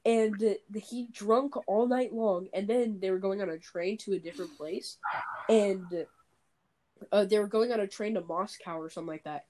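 A woman chatting casually on a voice call, winding through a story and stopping often to restart her sentences. Her pitch sits right in the middle for a woman. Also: normal speed, mellow, slight background noise. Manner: rambling storyteller, many fillers and restarts. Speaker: podcast co-host. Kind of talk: casual chat.

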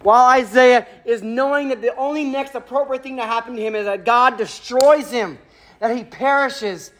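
High-voiced man preaching. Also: normal speed, a bit bright, a little hiss or hum. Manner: emphatic, rhetorical questions, repeats key phrases. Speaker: pastor. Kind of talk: sermon.

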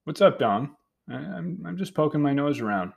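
A man's voice: fairly high pitch, expressive, normal speed, creaky, breathy edge, pitched above the performer's own voice, exaggerated voice. A man voicing a tired young male lab researcher who talks casually with hesitations in an audiobook.

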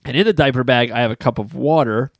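A young man tells a story in a lively, casual way and often laughs as he goes. His voice sits in the middle range and sounds dry and close to the mic, with no room around it. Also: mid-range voice, fast, no room sound. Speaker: podcast co-host, pastor.

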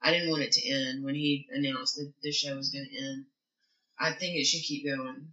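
A woman's voice: rumbling low, steady tone, moderate pace, pushed and bright, echoey room, highs cut off. A woman co-hosting a true crime podcast, blunt and swearing, losing her voice from being sick. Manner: blunt, swears freely, emphatic opinions. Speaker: podcast co-host.

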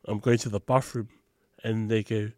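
A man co-hosting a podcast in casual chat, telling stories and laughing loudly at them. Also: lowish voice, normal speed, dry recording. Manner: animated, laughs loudly at his own stories. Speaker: podcast co-host.

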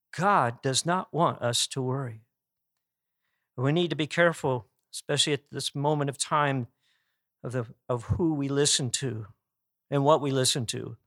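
Slow, earnest preacher man. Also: a little high, expressive, fairly bright tone, no echo, studio quality. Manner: earnest, emphatic preaching with restarts. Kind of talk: sermon.

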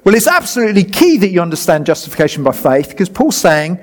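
A fast-talking man with a fairly high voice preaches a sermon. He's lively, joking with the congregation while he explains and directs a demonstration.

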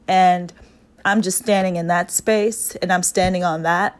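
A woman speaking in a reflective personal monologue. She talks earnestly, repeats phrases for emphasis and often pauses on fillers. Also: on the low side, fairly even intonation.

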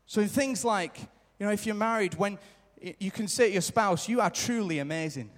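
A high-voiced man delivers an earnest sermon live in a church. His words ring out with a long hall reverb behind them. He stresses his points by repeating them and slips into short quoted remarks. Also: moderate pace, fairly bright tone. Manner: earnest, repetitive emphasis, acts out quoted lines. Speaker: preacher.

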